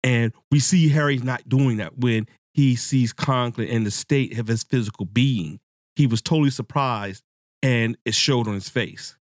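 A man hosting a casual book-discussion podcast, talking to his listeners in a rambling, excitable way and swearing freely. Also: mid-range voice, unhurried, no room sound, studio quality. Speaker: podcast host.

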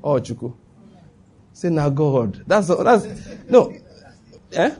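Male preacher, somewhat high, husky and mellow, chatty teaching tone. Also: very animated, slow. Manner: chatty, full of rhetorical questions and asides. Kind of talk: conversational sermon teaching.

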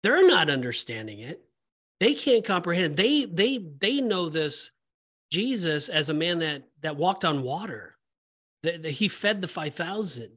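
Emotional man, higher voice, rambling. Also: very animated, unhurried, a bit bright. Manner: rambling, emotional, many restarts. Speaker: podcast co-host. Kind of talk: casual Bible discussion.

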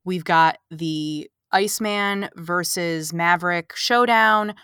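A woman co-hosts a relaxed movie podcast, recapping the plot with animated sarcasm and little put-on character lines. Her lowish voice is bright, forward, and smooth, moving at a slow pace. The recording is dry and close, with no room sound at all.

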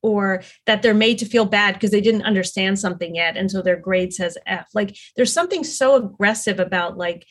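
A woman's voice: mid-range voice, normal speed, hardly any pauses. Middle-aged woman rambling on earnestly as a podcast guest, lots of likes and restarts. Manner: rambling and earnest, many fillers and restarts, acts out quotes. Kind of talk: casual conversational storytelling.

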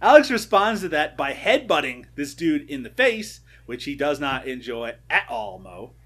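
Animated man recapping a film. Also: a little high, normal speed. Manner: animated, laughs often, retells scenes. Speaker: podcast host. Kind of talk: casual film recap chat.

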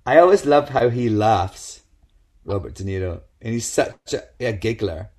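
Middle-aged man, casual guest chat, lively storytelling. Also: on the low side, moderate pace. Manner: lively anecdotal storytelling with quoted voices.

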